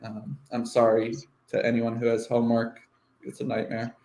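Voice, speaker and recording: A man's voice: medium pitch, completely flat delivery, moderate pace, darkish tone. Rambling man in an echoey room. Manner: rambling, encouraging, many fillers. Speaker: panelist on a live stream. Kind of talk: casual panel talk.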